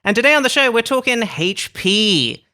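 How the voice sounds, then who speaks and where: Woman podcast host, bright lively voice, jokey and self-mocking. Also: fairly high pitch, moderate pace. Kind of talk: casual podcast chat.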